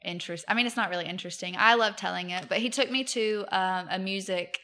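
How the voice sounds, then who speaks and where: A woman's voice: medium pitch, fast talker, pushed and bright. A woman, telling stories as a podcast guest, chatty with many fillers and frequent laughs. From Mobile, Alabama, US. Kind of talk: casual chat.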